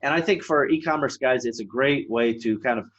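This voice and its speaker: A man's voice: mid-range voice, brisk, a bit bright. Rambling male podcast host, slightly muffled. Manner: rambling, many fillers and restarts. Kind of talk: casual solo podcast monologue.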